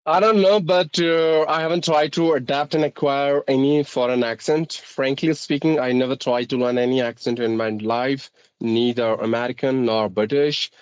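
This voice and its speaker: A man's voice: medium pitch, fairly even intonation, moderate pace, smooth, dry recording, lo-fi sound. A man with an Indian accent who teaches English, hosting a casual speaking-practice conversation in a formal, articulate way.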